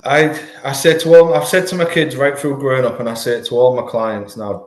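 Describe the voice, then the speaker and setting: A man's voice: medium pitch, steady tone, fairly quick. A man, a podcast guest talking candidly and earnestly, often restarting his words. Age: 40s. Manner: earnest, repeats words when restarting thoughts. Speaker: podcast guest, life coach. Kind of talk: candid conversational interview. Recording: roomy echo.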